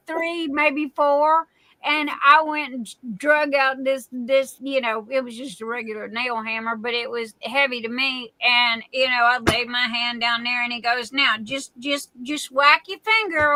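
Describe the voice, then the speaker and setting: A woman's voice: sits high, fairly even intonation, a little slow, bright, forceful tone, no room sound. A middle-aged woman from Southern Arizona hosting a live stream, chatting casually and telling stories with laughs. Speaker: livestream host.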